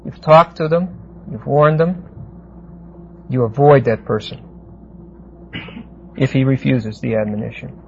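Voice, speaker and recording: A man's voice: mid-range voice, fairly even intonation, vocal fry, a little hiss or hum. Man teaching a Bible class on muffled tape. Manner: deliberate, explanatory, asks the class "see?".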